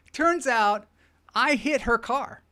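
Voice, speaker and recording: Dry-voiced rambling comedian, laughing along. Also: male voice, extremely high pitch, pushed and bright, no echo. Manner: rambling and self-amused, often laughing at his own jokes. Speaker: comedian hosting a live online show. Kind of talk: casual comic storytelling and chat reading.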